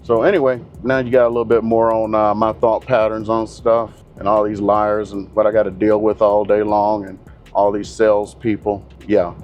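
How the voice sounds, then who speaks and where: A man's voice: on the low side, little pitch movement, normal speed, highs cut off. Blunt middle-aged guy rambling in his car, faint music behind. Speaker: real estate agent and channel host. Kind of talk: casual monologue to camera.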